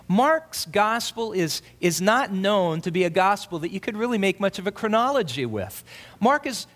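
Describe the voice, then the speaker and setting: High-voiced man teaching a slow sermon. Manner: animated, asks the audience to read along. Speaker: Bible teacher.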